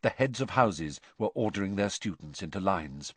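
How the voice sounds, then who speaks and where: Expressive male audiobook narrator. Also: sits low, normal speed, slightly rough, no room sound. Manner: expressive, building suspense. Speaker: audiobook reader. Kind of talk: storybook narration.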